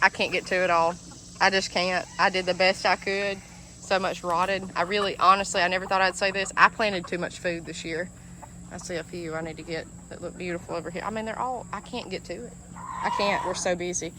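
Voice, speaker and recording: A woman's voice: on the low side, fairly even intonation, moderate pace, bright, forceful tone, a little hiss or hum. A woman with a Southern US accent from Alabama, chatting emotionally to viewers while walking outdoors through her garden. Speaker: homestead vlogger. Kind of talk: casual vlog, walking tour of garden. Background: chickens and ducks, outdoor ambience.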